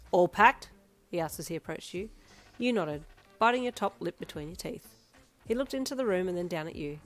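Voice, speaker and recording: A woman narrating a second-person fanfiction story in a steady reading voice. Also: on the low side. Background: soft instrumental music.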